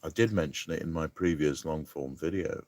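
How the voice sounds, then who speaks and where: A man's voice: rumbling low, normal speed, a little mellow, no echo. A man hosting a casual live-stream quiz, chatty and rambling, laughing at his own asides. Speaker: livestream quiz host.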